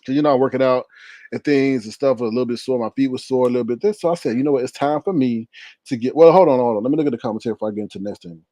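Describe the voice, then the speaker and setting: Animated man chatting on a livestream. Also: very fast, no echo. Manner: animated storyteller who acts out scenes in high voices and laughs often. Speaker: livestream host reading viewer comments. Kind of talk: casual livestream chat.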